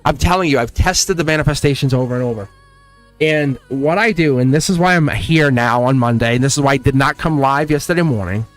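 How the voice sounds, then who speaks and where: A man talks casually to his members during a live tarot stream, laughing often and acting out little exchanges as he goes. His pitch sits at an ordinary middle level for a man. Soft music plays faintly underneath. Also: fairly quick. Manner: chatty and animated, laughs often, acts out quoted exchanges. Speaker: tarot reader and channel host. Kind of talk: casual livestream chat to members.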